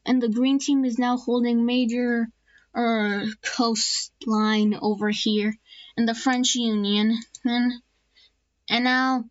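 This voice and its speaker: A woman's voice: a little high, no room sound, dull audio. Rambling woman narrating a map. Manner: rambling, with many fillers and restarts; jokey asides. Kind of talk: casual narration of an alternate-history map.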